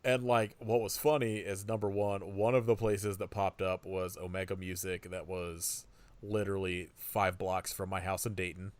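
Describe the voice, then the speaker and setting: Low-voiced man, dry rambling podcast chat. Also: level tone, moderate pace, no room sound. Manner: rambling, laughs between thoughts, many fillers. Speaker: podcast co-host. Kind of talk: casual chat.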